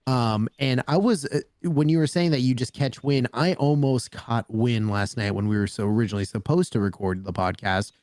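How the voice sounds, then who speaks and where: A man's voice: medium pitch, moderate pace, hardly any pauses, no room sound, studio quality. A man co-hosting a casual podcast, telling stories with lots of swearing and "bro". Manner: animated storyteller, swears freely, says "bro" a lot. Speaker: podcast co-host. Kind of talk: casual chat.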